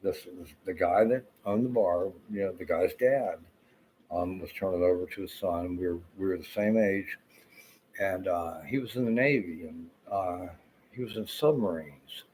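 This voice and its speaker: A man's voice: sits low, moderate pace, a little mellow, a little hiss or hum, poor audio. A man in his fifties with a Southern US accent, telling rambling, profane stories with lots of fillers. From Florida. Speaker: vlogger. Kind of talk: casual rambling storytelling.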